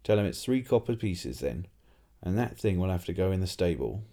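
A nervous, grasping innkeeper from a storybook, pleading and flustered as he tries to make himself understood, as a man reads him. The voice sits low and mellow. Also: very animated, moderate pace, heavily acted. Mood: gruff.

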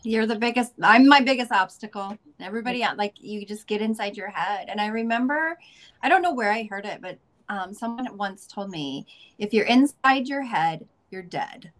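A woman's voice: mid-range voice, animated, fairly bright tone. A woman from the Midwestern US, a guest chatting casually in an interview, upbeat and goofy, laughing often. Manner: goofy, upbeat, talks in quick bursts with laughs.

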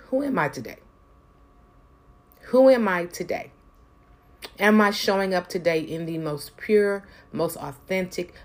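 Low-voiced woman, earnest spiritual talk. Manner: earnest, emphatic, swears for emphasis. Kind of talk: personal reflective talk to camera.

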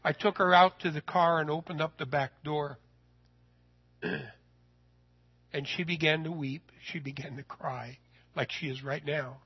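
High-pitched guy preaching a story, folksy and lively, kinda dull lo-fi sound. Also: measured pace, pauses often, slightly rough. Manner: folksy, animated, voice rises when excited. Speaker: preacher telling a personal story. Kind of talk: sermon storytelling.

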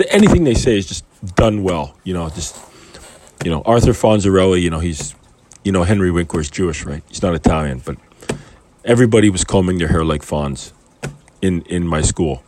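A man's voice: mid-range voice, darkish tone, no room sound. Rambling, chatty man teaching the Bible. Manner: rambling, conversational, restarts and asides. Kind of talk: casual Bible commentary with scripture reading.

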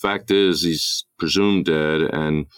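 A man hosting a podcast interview in a measured, reflective way. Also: extremely low pitch, fairly even intonation, smooth, dry recording. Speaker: podcast host. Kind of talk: casual interview.

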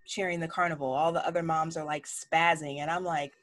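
A forty-year-old chef tells stories frankly in a casual interview, acting out what people said with animation. She speaks fairly quickly in a deep voice from a home office lined with cookbooks.

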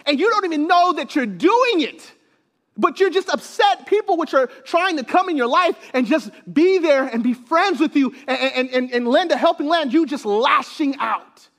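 Male pastor, very high voice, animated sermon delivery, stumbles and repeats words. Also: normal speed. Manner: animated, repeats words, laughs between points.

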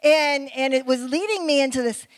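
Middle-aged woman preacher, conversational sermon style, high-pitched, dry sound. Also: dry recording, low-quality recording. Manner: conversational, with quick asides and questions to the audience.

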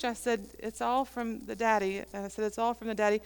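A woman's voice: on the high side, flat delivery, fast, hardly any pauses, clear, resonant tone. A woman pastor preaching a sermon, telling a story and acting out the dialogue.

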